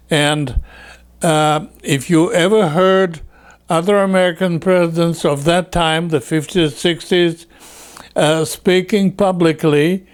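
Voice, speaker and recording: A man whose first language is Russian explains a point to his students, pausing often with fillers. He speaks slowly, with a smooth, clear tone. His voice sits a little high. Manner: unhurried, explanatory, with many fillers. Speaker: English teacher. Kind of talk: explanatory lesson talk.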